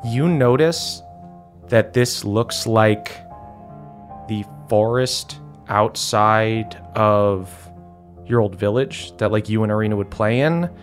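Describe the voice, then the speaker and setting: A man's voice: lowish voice, slow pace, faint music behind. A man narrating as game master of a tabletop game, in a loose, descriptive way with frequent fillers.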